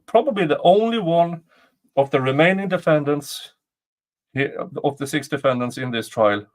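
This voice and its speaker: A man hosting a casual livestream, reading aloud and chuckling often at his own jokes. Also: on the high side. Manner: chuckles often, jokey asides. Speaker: livestream host commenting on a trial. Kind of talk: casual live commentary.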